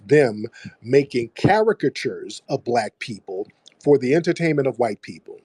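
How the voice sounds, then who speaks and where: A man's voice: medium pitch, a little mellow, slightly rough, no echo. A man hosting his own radio show, lecturing the audience in an emphatic monologue and repeating phrases to drive points home. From United States.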